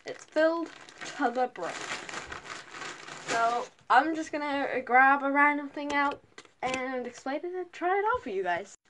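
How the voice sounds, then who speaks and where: High-voiced chatty young woman. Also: lively intonation, unhurried, fairly bright tone, slight background noise. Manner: chatty and gushing, fillers like "like". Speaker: vlogger. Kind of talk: casual haul video chat.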